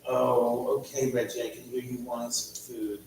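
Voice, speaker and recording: A man's voice: medium pitch, flat delivery, normal speed, darkish tone. Middle-aged man rambling in an echoey room. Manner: rambling storyteller, reads viewer comments aloud. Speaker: livestream host. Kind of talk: casual livestream chat. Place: large echoey room at home. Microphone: laptop mic from a distance. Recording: very echoey, distant, faint hum.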